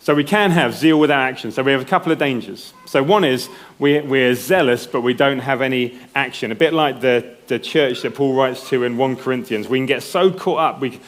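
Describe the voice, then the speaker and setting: A man's voice: mid-range voice, fairly quick, few pauses. A man preaching a sermon in a conversational way, often checking in with the congregation. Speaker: pastor.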